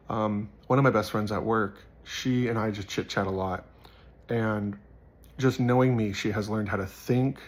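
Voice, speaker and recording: A man giving a casual Bible teaching, earnest and rambling, telling personal stories and repeating phrases for emphasis. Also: lowish voice.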